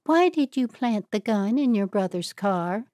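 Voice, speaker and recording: A woman's voice: mid-range voice, animated, a little slow, a little mellow, no room sound, clean studio sound, voice pushed up, natural voice. A woman voicing an elderly Amish woman sleuth who is nervous but bold, with urgent, rising questions. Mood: pressing. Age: older.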